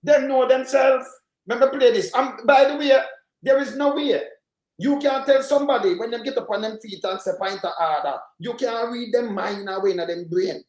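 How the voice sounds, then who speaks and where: A man's voice: extremely high pitch, moderate pace. A Jamaican man hosting a casual political commentary show, rambling and emphatic in heavy patois. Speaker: host. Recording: echoey room.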